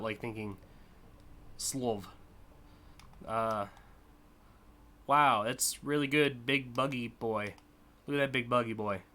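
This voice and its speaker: A young American man hosting a live stream, rambling in casual commentary with lots of fillers and quick laughs. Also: medium pitch, sharp tone. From United States. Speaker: streamer hosting a community car contest.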